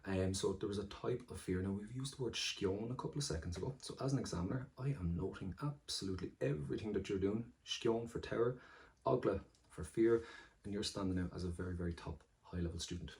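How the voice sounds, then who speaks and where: A man's voice: fairly low pitch, fast, vocal fry, darkish tone. A man with an Irish accent, teaching exam vocabulary and explaining each word in turn in an encouraging way. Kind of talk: exam-prep lesson.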